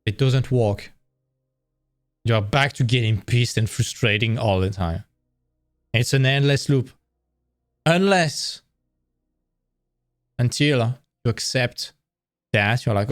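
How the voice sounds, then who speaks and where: A man's voice: mid-range voice, slow pace, pauses often, no room sound, clean studio sound, faint music behind. A man giving a casual livestream presentation of career advice, blunt and candid, swearing freely and acting out quoted lines in a raised voice.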